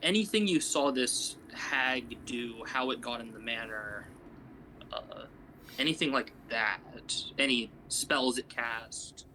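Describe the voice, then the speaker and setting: A man's voice: mid-range voice, takes it slowly, bright, forceful tone, a little hiss or hum, low-quality recording. A man playing a tabletop game, joking and exasperated with his friends. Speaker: player. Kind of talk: casual tabletop play.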